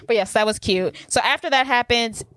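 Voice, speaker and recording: A woman's voice: a little high, a little fast, fairly bright tone. A woman co-hosting a podcast, casually recapping a movie with dry, sarcastic asides. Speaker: podcast co-host.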